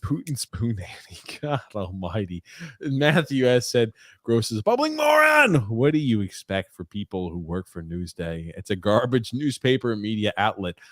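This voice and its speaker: Laid-back male podcast co-host, lowish voice, dry and close, reads viewer comments with wry remarks. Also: lively intonation, moderate pace, darkish tone, no room sound. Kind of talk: casual sports podcast chat.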